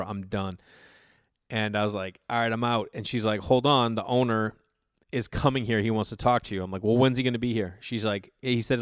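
A man's voice: on the low side, no room sound. Male podcast host, rambling profane storyteller, dry close sound. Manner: rambling, profane, frequent fillers and restarts. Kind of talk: casual solo storytelling.

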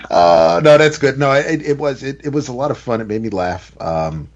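A man's voice: medium pitch, lively intonation, moderate pace. A man chatting casually about comic books on a podcast, hesitant and full of fillers. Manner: hesitant, filler-heavy, trailing off. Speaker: podcast co-host. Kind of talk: casual comic book chat. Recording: dull lo-fi audio.

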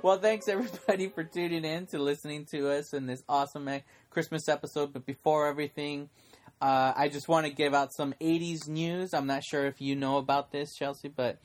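A man's voice: on the high side, steady tone, brisk. A man hosting a casual podcast, talking in a chatty, rambling way and laughing often. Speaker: podcast host.

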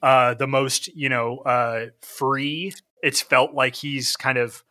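A man co-hosting a casual podcast, laid-back, talking loosely with lots of fillers and quick reactions. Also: mid-range voice, little pitch movement, sharp tone, dry recording, studio quality. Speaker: podcast co-host.

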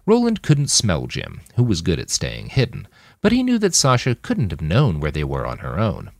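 A man narrating an audiobook chapter, expressive, on a close mic. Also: deep voice, moderate pace, vocal fry, dry recording.

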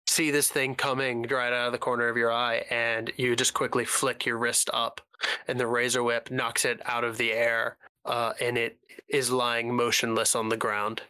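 A man running a tabletop game as game master, narrating at a relaxed, measured pace with frequent fillers. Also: mid-range voice, clear, resonant tone, no echo.

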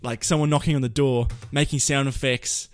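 A young man presenting storytelling tips in a casual spoken tutorial, lively and rambling, often correcting himself mid-sentence. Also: mid-range voice, a little fast, faint music behind.

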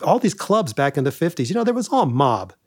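A man in casual podcast chat who rambles through anecdotes. His voice sits a little high. The sound is dry and close. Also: sing-song, fairly quick, no echo.

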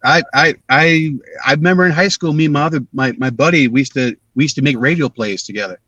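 A man's voice: a little high, fast talker, dry recording, recorded from a distance, highs cut off. A man telling stories in a casual interview, acting out the voices of the people he quotes. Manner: animated, acts out quoted voices. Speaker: actor guest.

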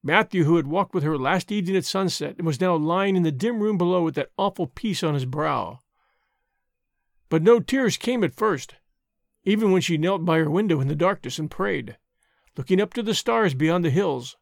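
Man, audiobook narrator, measured and gentle, high voice, dry close recording. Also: animated, creaky, no room sound. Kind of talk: scripted narration.

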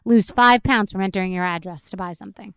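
A woman's voice: mid-range voice, quick pace, smooth, dry recording, studio quality. A middle-aged woman hosting a podcast, ranting sarcastically and exasperatedly, with plenty of swearing. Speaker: podcast host. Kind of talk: solo comedic rant.

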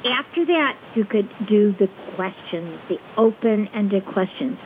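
Calm woman on a tinny phone line. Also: medium pitch, a little hiss or hum. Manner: calm, measured, checks in with "okay?". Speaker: guest expert on conflict resolution. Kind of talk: explaining a technique step by step.

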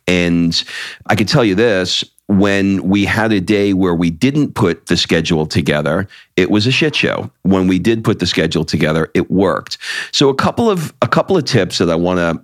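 Male podcast co-host, very low register, blunt casual delivery, dry sound. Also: no room sound. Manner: frank, swears casually, restarts phrases. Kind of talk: casual chat.

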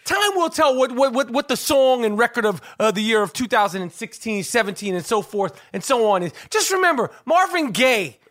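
A man hosting a comedy podcast, excitable, swearing a lot and stumbling over repeated words. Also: extremely high pitch, brisk, hardly any pauses, no room sound, studio quality. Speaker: podcast host. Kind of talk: loud comedic podcast banter.

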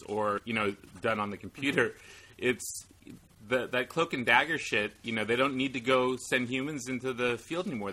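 A man's voice: medium pitch, bright, forceful tone, slight background noise. A man in casual podcast chat, telling a wry, profane anecdote in a laid-back way.

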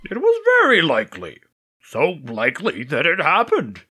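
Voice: mid-range voice, wildly swooping pitch, bright, forceful tone, slightly rough, full character voice. An actor voicing a dim, lonely beast-man henchman in a comedy audio play. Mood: pleading. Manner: slow and dopey.

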